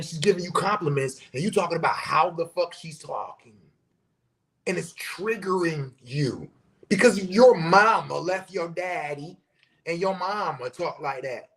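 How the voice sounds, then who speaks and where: A man's voice: fairly high pitch, normal speed. A man hosting a podcast, delivering a profane, emphatic monologue and talking with his hands. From United States. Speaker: podcast host. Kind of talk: casual monologue rant.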